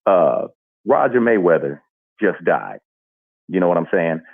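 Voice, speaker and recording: A man's voice: low voice, big pitch swings, unhurried, vocal fry, no room sound. A man calling into a livestream, giving earnest, reflective casual commentary over a phone line. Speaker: caller to a livestream.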